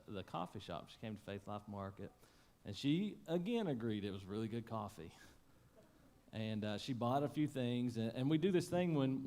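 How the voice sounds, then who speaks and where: A man preaching a sermon, telling a story in a folksy, emotional way that swings from loud to hushed. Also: mid-range voice. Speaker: pastor. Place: church sanctuary.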